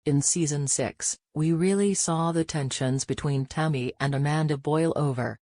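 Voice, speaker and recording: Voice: mid-range voice, darkish tone, no room sound, studio quality. A narrator reading a scripted gossip recap in a chatty way, adding personal reactions.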